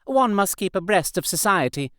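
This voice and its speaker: A man doing a bossy high-society young lady. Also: sing-song, bright, forceful tone, clear, resonant tone, dry recording, studio quality, heavily acted. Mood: fussy. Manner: brisk, bossy, socially fussy.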